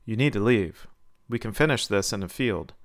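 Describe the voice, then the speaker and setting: A man's voice: on the low side, animated, moderate pace, close to an everyday voice. A man voicing a defiant young female Marine who speaks firmly and with mocking confidence. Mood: stern.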